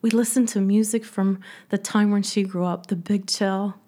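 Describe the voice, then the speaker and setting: A middle-aged woman telling a personal story with deep feeling, often dropping to a soft whisper. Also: fairly even intonation, moderate pace. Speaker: speaker and coach.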